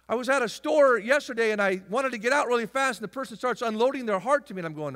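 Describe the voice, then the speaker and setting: A man preaching a sermon as pastor, emphatic and repetitive, rising to shouts and dropping into jokey asides. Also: extremely high pitch, expressive, quick pace, hardly any pauses. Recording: long hall reverb.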